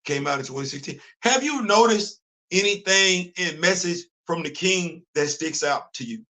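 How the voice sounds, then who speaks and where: A man hosting a casual live-stream chat about comics and culture, animated and repeating phrases for emphasis. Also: sits high, normal speed, low-quality recording.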